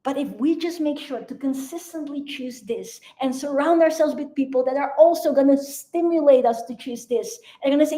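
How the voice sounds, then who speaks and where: A woman's voice: high voice, moderate pace, few pauses, mellow. A woman mentor speaking on a motivational live video, earnest and emphatic, often repeating her key phrases.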